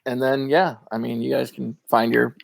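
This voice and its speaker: A man's voice: medium pitch, normal speed, gravelly, no echo. Guy running a tabletop game, easygoing and rambly, dead dry mic. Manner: relaxed, rambling, with fillers. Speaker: game master.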